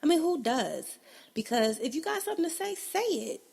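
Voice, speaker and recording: A woman's voice: high voice, sing-song, brisk, creaky, darkish tone, a little hiss or hum. A woman hosting a casual solo podcast, blunt and profane, laughing often, a bit congested. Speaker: podcast host.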